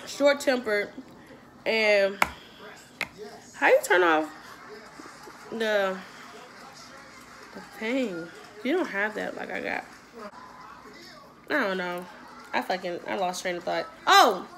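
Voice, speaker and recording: A young adult woman vlogger telling a casual storytime while eating, animated and profane, laughing often. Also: on the high side.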